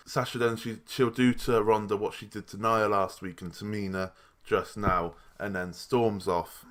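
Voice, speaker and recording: A man's voice: lowish voice, steady tone, normal speed, fairly bright tone. A young man giving a casual, rambling review of a wrestling show. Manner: chatty and rambling, with restarts and asides.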